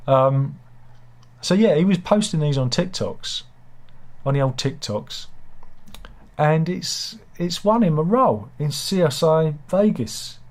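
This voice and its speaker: A man's voice: fairly high pitch, expressive, slow. A man with a British accent hosting a casual satirical news chat, rambling and self-deprecating with asides. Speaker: host.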